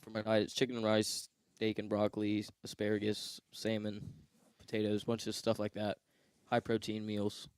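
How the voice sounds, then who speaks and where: A teenage boy from Ohio, a high school wrestler answering interview questions in a plain, modest way. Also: completely flat delivery, normal speed, hardly any pauses, darkish tone, clear, resonant tone, no room sound. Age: teens. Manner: plain, modest, matter-of-fact.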